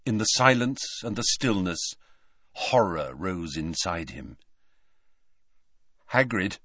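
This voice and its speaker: A man narrating a story in an expressive storytelling manner. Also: low-pitched, unhurried, no echo, clean studio sound. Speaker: audiobook narrator. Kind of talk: scripted narration.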